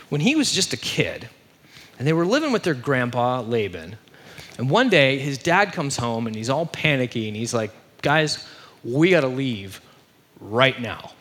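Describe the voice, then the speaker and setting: A man's voice: mid-range voice, fairly bright tone, slightly rough. A young man retelling a story in a sermon, casual and conversational, peppered with fillers. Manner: conversational, many fillers like "like" and "you know".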